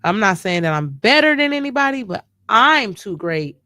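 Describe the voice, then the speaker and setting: A woman's voice: mid-range voice, sing-song, moderate pace, bright, forceful tone, no room sound, studio quality. A grieving woman talking casually in a live stream chat, emotional and rambling, often restarting her sentences. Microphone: live stream mic.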